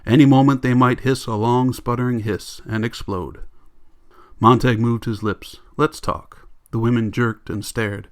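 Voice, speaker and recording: Ein männlicher Vorleser mit mittelhoher Stimme, der in ruhigem, gleichmäßigem Tempo einen Roman erzählt. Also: male voice, medium pitch, fairly even intonation, moderate pace. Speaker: audiobook reader. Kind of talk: audiobook narration.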